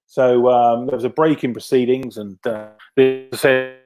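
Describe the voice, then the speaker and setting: Speaking a little slowly with few pauses, this veteran venue producer shares anecdotes over a video call in a casual interview. His mid-range voice is steady and darkish, and he jokes at his own expense, often using fillers and restarting sentences.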